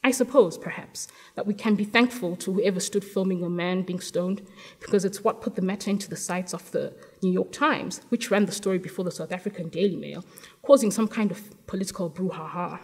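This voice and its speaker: Husky-voiced woman reading prose aloud. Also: fairly low pitch, brisk, in a large hall. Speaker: author reading her fiction. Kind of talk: live literary reading of first-person prose. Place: event hall at a university library.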